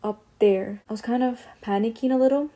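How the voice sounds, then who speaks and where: Young woman, beauty vlogger, casual story time, slangy, rambling, soft mellow tone. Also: fairly high pitch, brisk. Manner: chatty and slangy, drifting off on tangents. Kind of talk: casual story time while doing makeup.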